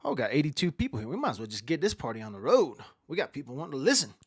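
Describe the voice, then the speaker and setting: A man chats to his live audience in a loose, rambling way, his voice sitting a little high for a man. The sound is close and dry, picked up by a camera right in front of him. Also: very animated, racing, slightly rough, no room sound. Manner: rambling, chatty storytelling. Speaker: livestream host. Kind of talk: casual livestream chat. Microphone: webcam or phone camera at close range.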